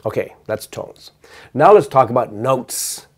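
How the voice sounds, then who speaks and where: An older man giving a measured, explanatory math lecture, counting notes aloud while playing piano. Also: medium pitch, lively intonation, breathy edge.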